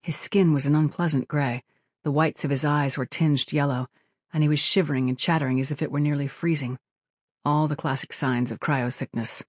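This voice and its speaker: An audiobook narrator reading in a steady, even manner at a middling pitch. The sound is close and completely dry, with no room around the voice. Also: a little fast, no echo. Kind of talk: scripted narration.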